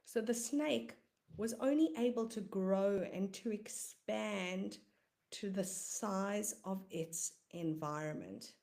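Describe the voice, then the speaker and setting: Slow and creaky, her medium-pitched voice has a dark tone. This South African-accented business coach and comedian delivers a motivational talk, hitting points emphatically and repeating phrases for emphasis.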